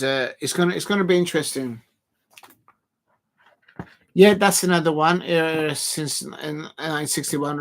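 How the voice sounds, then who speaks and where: A man's voice: on the high side, a bit bright. A man hosting a live football watch-along, chatting loosely to viewers and filling gaps with ums and restarts. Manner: rambling, full of fillers and restarts, talking to chat viewers.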